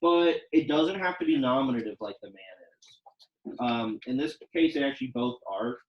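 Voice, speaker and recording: A man's voice: medium pitch, lively intonation, normal speed, lo-fi sound, slight background noise. A young man teaching a Latin class, speaking casually and quizzing his students with questions. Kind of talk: classroom lecture.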